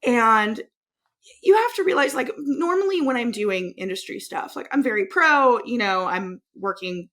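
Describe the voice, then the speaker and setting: Woman in her thirties, lively swinging pitch, swears a lot, laughs between words, fairly high voice. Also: normal speed. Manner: animated, swears freely, laughs mid-sentence. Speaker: guest, tour manager. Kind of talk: casual storytelling chat.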